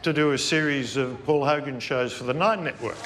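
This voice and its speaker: A man's voice: medium pitch, normal speed. An Australian man recording a friendly, matey tribute message to an old colleague. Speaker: former colleague in a video tribute. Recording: noisy video message.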